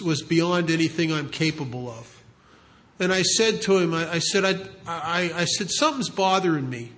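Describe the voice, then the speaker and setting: A man telling a long recovery story in a halting way, repeating words and slowing down to stress key moments. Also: a little high, fairly bright tone. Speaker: recovery speaker. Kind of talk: storytelling talk.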